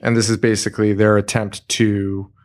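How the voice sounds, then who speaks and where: A man's voice: fairly low pitch, level tone, normal speed, a little mellow. A man co-hosting a podcast, casually recapping a horror episode, joking, swearing and laughing often. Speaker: podcast co-host.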